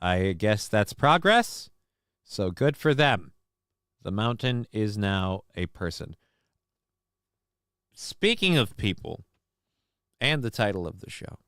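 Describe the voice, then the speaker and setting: A man's voice: on the low side, big pitch swings, takes it slowly, long pauses, a bit bright, clear, resonant tone, dry recording. A man hosting a casual live-stream talk show, rambling and sardonic with many fillers and restarts, on a close mic.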